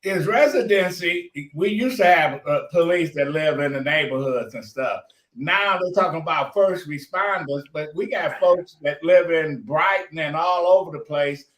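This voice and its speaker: A man hosting a radio talk show, asking questions in a slow, drawn-out way. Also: fairly high pitch, fairly bright tone. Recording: distant echoey mic.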